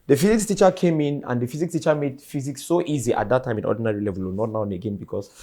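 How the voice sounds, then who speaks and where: A young man tells his story at length in an earnest, rambling way. His voice is dark and mellow, pitched mid-range for a man. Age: young adult. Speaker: interview guest. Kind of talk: casual interview answers.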